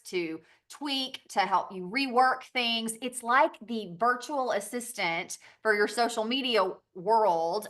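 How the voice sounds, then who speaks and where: A woman's voice: mid-range voice, pushed and bright. A woman with a Southern US accent giving a chatty training talk on a team call, laughing often and acting out little quoted exchanges.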